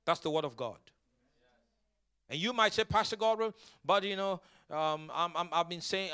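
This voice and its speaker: A man preaching a sermon as pastor. He reads scripture slowly and deliberately, asks the congregation to repeat after him, and builds to loud, emphatic declarations. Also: sits high, lively intonation, smooth. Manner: preaching with call-and-response to the congregation; slow deliberate scripture reading.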